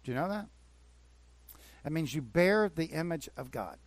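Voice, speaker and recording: A pastor preaching to his congregation in an earnest, conversational way, often repeating phrases to drive a point home. His voice sits a little high for a man. The sound is dry and close, with little room echo. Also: animated, normal speed. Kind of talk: sermon. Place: church.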